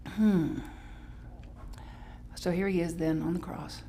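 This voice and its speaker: A woman pastor preaching a Sunday sermon in a chatty, playful way, breaking into sudden high exclamations and correcting herself as she goes. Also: fairly even intonation, slow pace, warm tone, slight background noise. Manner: chatty, with restarts and self-correction. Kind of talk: live-streamed Sunday sermon.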